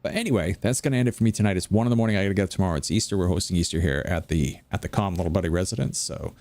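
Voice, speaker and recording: Deep voiced new guy rambling to chat while he plays, dry sound, no room echo. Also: very fast, darkish tone. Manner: rambling, chatty, answers viewer chat. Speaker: gaming video creator. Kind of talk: casual gameplay commentary. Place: home, late at night.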